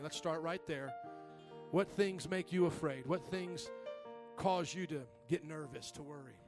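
A male pastor giving an animated sermon in a church, calling for amens from the congregation. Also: fairly high pitch, unhurried, music in the background. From Italian-American family. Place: church sanctuary.

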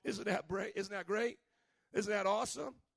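A male pastor preaching a sermon, asking the congregation questions and building up to shouts. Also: high voice, moderate pace, gravelly, no room sound. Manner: preachy call-and-response questions, rising to shouts.

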